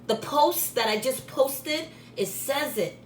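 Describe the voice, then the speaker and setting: In an echoey room with faint background noise, a woman who owns a spiritual supply shop and hosts a channel speaks directly to the camera in a casual vlog. Her voice is high-pitched and she talks slowly. She's blunt and scolding, repeating herself to drive points home.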